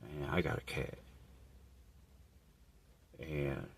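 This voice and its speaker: A man with a very low, husky voice rambles through an absurd, profane comic monologue. He tells it deadpan and crude, piling one wild turn onto the next. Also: drawn-out words. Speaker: storyteller. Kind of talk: absurd improvised comedic monologue.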